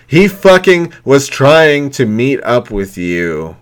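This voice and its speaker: A man's voice: mid-range voice, big pitch swings, slow pace, few pauses, clean tone. A middle-aged man hosting a podcast, ranting angrily with constant swearing and mocking voices. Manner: angry, heavy swearing, mocking quotes. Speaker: podcast host. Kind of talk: profane rant.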